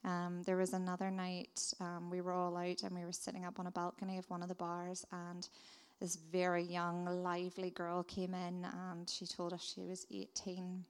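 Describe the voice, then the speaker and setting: A woman's voice: lowish voice, completely flat delivery, normal speed, clear, resonant tone. A woman giving an earnest, heartfelt testimony about her missionary work, telling it as a story. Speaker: missionary speaker. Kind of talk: testimony talk. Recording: reverberant hall.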